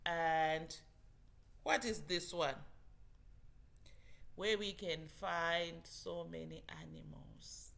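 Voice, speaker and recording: Slow, bright-voiced woman teaching phonics. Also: on the low side, gravelly. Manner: slow, patient, drawn-out teacher talk with modeled sounds. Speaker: English teacher. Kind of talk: children's phonics lesson.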